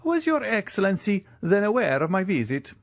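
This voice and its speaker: A man's voice: very animated, moderate pace, no echo. Male narrator doing an old Italian soldier, timid and eager, voice pushed well above his own, dry close recording. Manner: high quavering eager voice.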